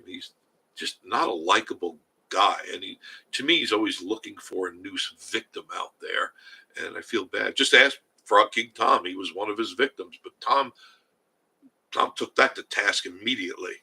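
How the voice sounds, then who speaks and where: An older man hosting a casual live stream, reading viewer comments and chatting in a rambling way with a husky voice. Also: on the low side, bright, forceful tone, poor audio. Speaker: livestream host reading chat.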